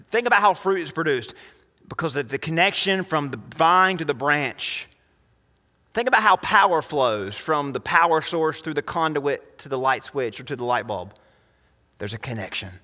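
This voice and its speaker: Man preaching, emphatic, rising loud then dropping quiet; slightly high voice in a reverberant church hall. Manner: emphatic, swings between loud highs and quiet lows. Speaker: pastor. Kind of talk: sermon.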